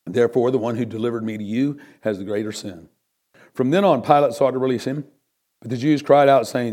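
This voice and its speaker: A man preaching a Bible lesson in a middle-pitched voice. He reads the verses aloud and stresses the key words. He swings from loud, pressing peaks to low, quiet asides. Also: normal speed, long pauses. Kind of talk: sermon, Bible teaching.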